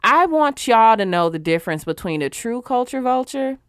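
Animated, profane woman podcast co-host. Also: fairly high pitch, normal speed, smooth, no echo, studio quality. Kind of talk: candid casual chat.

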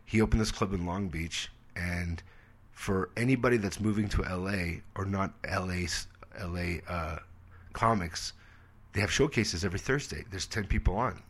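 A man in his forties telling stories in a casual interview, animated and swearing freely, acting out the people in his stories. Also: low-pitched, moderate pace, slightly rough. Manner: animated storyteller, acts out quoted voices, swears freely. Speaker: comedian guest.

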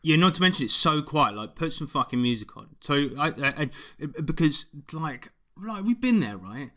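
A man's voice: fairly high pitch, big pitch swings, normal speed, pushed and bright. A man, ranting animatedly and swearing often in a casual chat. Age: 20s.

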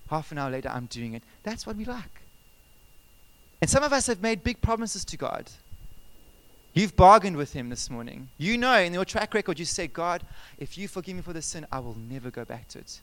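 A man preaching a sermon as pastor, animated and conversational, asking his congregation questions and telling personal stories. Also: fairly high pitch, normal speed. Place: church service.

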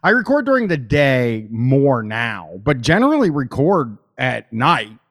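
A man's voice: mid-range voice, huge pitch swings, a little slow, a bit bright. Rambling, swearing podcaster man. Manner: rambling, swears freely, many fillers. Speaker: podcaster, guest. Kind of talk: casual chat.

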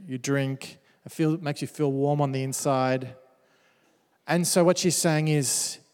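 A man preaching a sermon who reads verses aloud and breaks into playful, joking asides. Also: medium pitch. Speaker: pastor. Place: church hall. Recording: church hall with long reverb.

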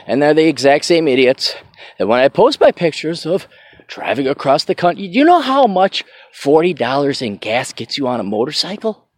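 A man's voice: a little high, sing-song, moderate pace, no room sound, clean studio sound. A man hosting a podcast, talking in a brash, sarcastic, ranting monologue. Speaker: podcast host. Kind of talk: casual monologue.

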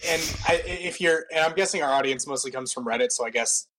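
A man's voice: a little high, fairly quick, heavy background noise. Sarcastic man podcast co-host. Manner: sarcastic, riffing. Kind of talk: casual chat.

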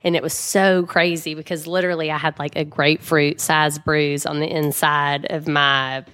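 A woman's voice: deep voice, little pitch movement, normal speed, a bit bright, clean tone. A woman, chatting as an interview guest and telling a personal story with lots of fillers.

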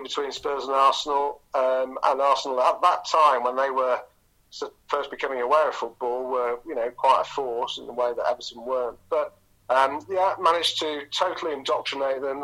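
A middle-aged man from England, a guest in an interview, telling long anecdotes with frequent pauses and ums. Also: medium pitch, sharp tone, rough recording. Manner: rambling storyteller with frequent ums.

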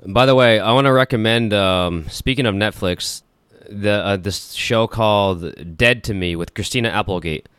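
A man's voice: lowish voice, normal speed, fairly bright tone, clean tone, no room sound, clean studio sound. A man co-hosting a podcast, rambling and swearing in casual banter about movies, laughing often. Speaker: podcast co-host.

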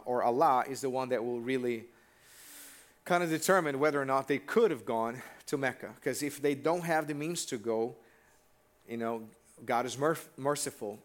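A male pastor giving a relaxed, conversational sermon in a church. His voice sits at a medium pitch, and he talks directly to the congregation and throws questions at them.

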